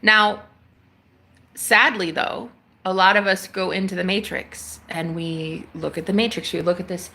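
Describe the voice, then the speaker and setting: Bright-voiced woman streamer telling a story. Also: mid-range voice, creaky. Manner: animated, acts out phone calls in quoted voices. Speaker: livestream host. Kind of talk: casual spiritual storytelling.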